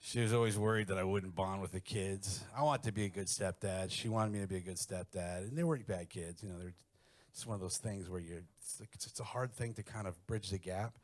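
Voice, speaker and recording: Brash male comic, middle-aged, lower voice, crude animated stand-up delivery. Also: fairly quick. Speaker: stand-up comedian. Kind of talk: stand-up comedy set.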